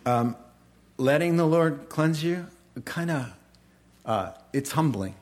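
A man's voice: on the high side, lively intonation, takes it slowly. A middle-aged male preacher delivering a folksy, humorous sermon, chuckling at his own lines.

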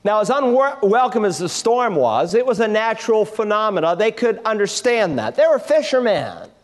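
High-voiced preacher with hall reverb. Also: male voice, normal speed. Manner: expressive preaching, dropping low and quiet for tender passages. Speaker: pastor. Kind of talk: sermon.

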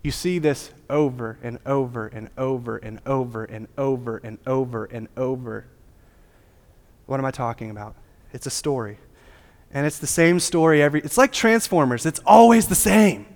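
A man's voice: medium pitch, normal speed. A man preaching a sermon as a pastor, with a casual, joking, conversational delivery. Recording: long hall reverb.

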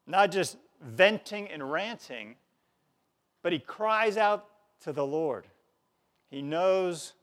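A man preaching a conversational sermon, chuckling often and swinging from quiet, hushed stretches to sudden loud outcries. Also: on the high side.

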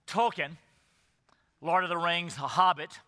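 An unhurried male pastor preaches an expository sermon in a fairly high, pushed, bright voice. His delivery is earnest and emphatic, with frequent rhetorical questions to the congregation, all under echoey hall reverb.

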